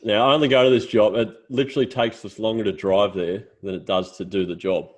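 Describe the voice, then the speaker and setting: A young Australian man with a fairly low voice chats casually as a podcast co-host. He tells long stories, swears freely and laughs as he goes. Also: steady tone, fairly quick. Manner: storytelling, swears freely, laughs while telling. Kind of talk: casual chat.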